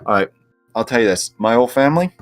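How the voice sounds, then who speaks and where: A man's voice: medium pitch, lively intonation, fast, faint music behind. A young Canadian man with a Boston-like East Coast tinge, chatting crudely and rambling with frequent laughs on a livestream. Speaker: livestream co-host. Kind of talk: casual chat.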